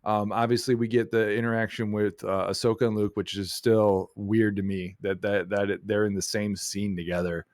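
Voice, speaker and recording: A man's voice: lowish voice, level tone, moderate pace, few pauses, darkish tone, dry recording, studio quality. A man hosting a podcast in casual chat, rambling and using lots of filler words. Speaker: podcast host.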